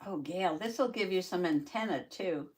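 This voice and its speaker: A woman's voice: lowish voice, moderate pace, a little mellow. A woman hosting a casual live journaling chat from her craft table, chatting to viewers by name and laughing often. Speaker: journaling channel host.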